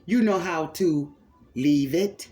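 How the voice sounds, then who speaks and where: A man's voice: fairly high pitch, slow, dark tone, soft background music. A man preaching a spiritual healing sermon with fervor, repeating phrases for emphasis and calling his listeners loved ones.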